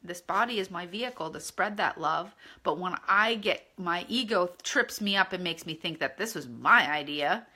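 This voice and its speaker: A woman's voice: lowish voice, lively intonation, moderate pace, few pauses, sharp tone. A woman leading a spiritual course, talking earnestly and conversationally and often checking in with her listeners. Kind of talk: casual spiritual teaching.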